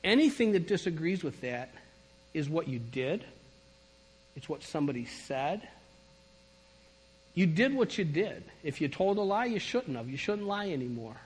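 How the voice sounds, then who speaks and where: A middle-aged man preaching a sermon, telling his story in an animated, emphatic way. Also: a little high, moderate pace, long pauses, husky. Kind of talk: sermon testimony. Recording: long reverb of a large hall.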